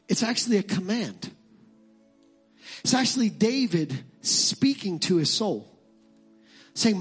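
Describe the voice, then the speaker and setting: High, husky-voiced preacher man. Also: expressive, normal speed, soft background music. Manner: builds to impassioned shouting, then drops to conversational asides. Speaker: pastor. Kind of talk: sermon.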